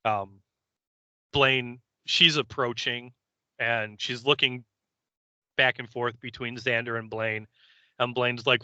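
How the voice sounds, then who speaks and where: A man co-hosting a podcast, casually recapping an episode scene by scene and slipping into quick character voices. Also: mid-range voice, steady tone, bright, forceful tone, dry recording, highs cut off. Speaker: podcast co-host.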